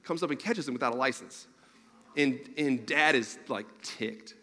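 Animated preacher in a big hall. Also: male voice, mid-range voice, moderate pace. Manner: animated, rambling, laughs through his own story. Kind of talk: storytelling sermon to an audience. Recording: long reverb of a large hall.

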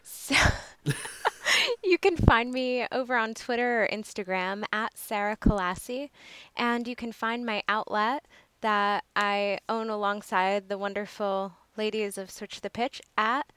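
A woman's voice: mid-range voice, fairly even intonation, measured pace, a bit bright, clear, resonant tone, no echo. A woman guest on a podcast, chatty and laughing often as she talks about sports journalism. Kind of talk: casual chat.

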